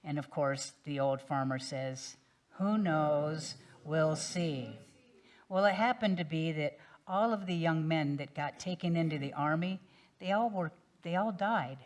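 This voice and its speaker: A woman minister telling a parable during a sermon in a relaxed, gentle storytelling manner. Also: sits low, normal speed.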